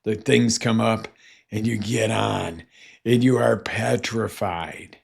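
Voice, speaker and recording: A man's voice: lowish voice, steady tone, takes it slowly, gravelly, husky. A man, a life coach, giving a motivational talk and acting out scenes in quoted voices.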